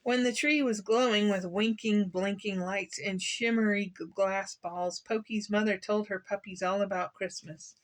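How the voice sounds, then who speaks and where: A woman's voice: mid-range voice, fairly even intonation, moderate pace, hardly any pauses. A woman reading a children's picture book aloud, playful and asking the listener questions. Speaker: children's story reader.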